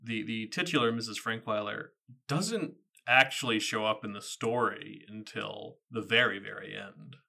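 A man's voice: on the low side, moderate pace, creaky, bright, forceful tone. A man in his thirties co-hosting a book podcast, chatting in a thoughtful, casual way. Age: 30s. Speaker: podcast co-host. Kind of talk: casual book-discussion chat.

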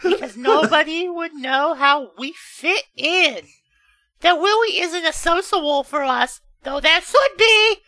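A woman's voice: high-pitched, unhurried, bright, forceful tone, no room sound. A woman co-hosting a comedy podcast, reading forum posts aloud in a giggly, mock-solemn way. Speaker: podcast co-host.

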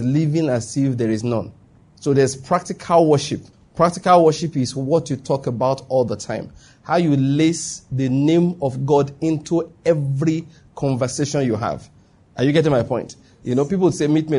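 A man's voice: medium pitch, darkish tone. A man giving a conversational sermon, full of asides and rhetorical questions. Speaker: preacher.

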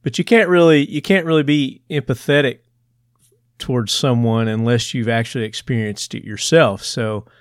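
A man's voice: medium pitch, smooth, no echo. Southern man, chatty interview host, dry and close. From Tennessee. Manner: chatty, with fillers and quick asides. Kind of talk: conversational interview.

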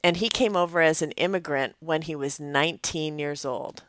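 A woman's voice: low-pitched, moderate pace, fairly bright tone, no echo. A woman teaching a devotional message as a pastor, earnest and reflective in a conversational way.

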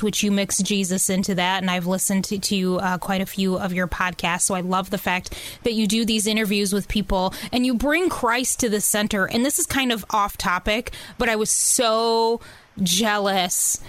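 A woman's voice: mid-range voice, steady tone, moderate pace, a bit bright. A woman hosting a radio interview in a chatty, enthusiastic way. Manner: enthusiastic, chatty, laughs easily. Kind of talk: casual interview chat.

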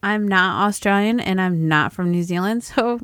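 American woman, mid pitch, dry teasing chat, dry close recording. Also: normal speed, fairly bright tone, smooth, no room sound. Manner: dry, matter-of-fact, teasing. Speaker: podcast co-host. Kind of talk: casual chat.

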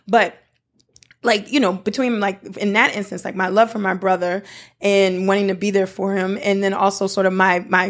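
Woman, interview guest, from South Africa, excited, rambling, many restarts. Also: medium pitch. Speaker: guest, nonprofit founder. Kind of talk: casual interview talk.

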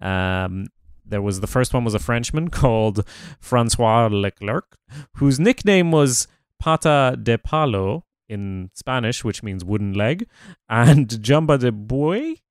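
A man's voice: lowish voice, lively intonation, a little slow, hardly any pauses, clean tone, no room sound. A man co-hosting a history podcast, sharing research in casual chat with dry jokes and the occasional swear. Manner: dry, joking, sweary asides. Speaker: podcast co-host.

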